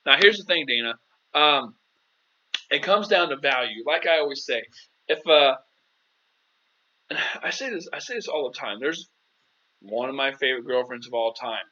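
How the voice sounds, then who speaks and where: A man's voice: medium pitch, animated, normal speed, long pauses, pushed and bright, lo-fi sound. A man hosting a casual live-stream Q&A as a dating coach, chatty and playful, calling viewers "girl".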